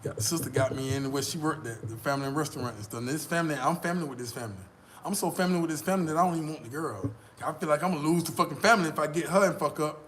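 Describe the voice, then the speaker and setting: An American man vlogging, telling a boastful, profane story in a casual, animated way. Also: a little high, racing, a little hiss or hum.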